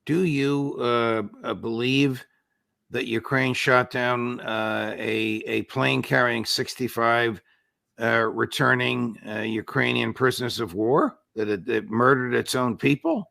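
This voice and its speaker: A man hosting an interview, asking probing questions with hesitant phrasing and filler pauses. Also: medium pitch, vocal fry, sharp tone, dry recording, studio quality. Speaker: interviewer, host.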